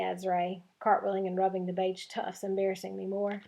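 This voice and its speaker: Woman teacher, read-aloud of a middle-grade novel, gravelly, expressive. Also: medium pitch, brisk, hardly any pauses. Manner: expressive, lively voicing of dialogue. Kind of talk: reading a chapter book aloud.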